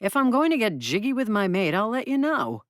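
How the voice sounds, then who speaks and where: A woman's voice: medium pitch, sing-song, brisk, no room sound, clean studio sound, voice pushed up, close to an everyday voice. A woman voicing a blunt woman warrior with a matter-of-fact, dryly teasing way of talking.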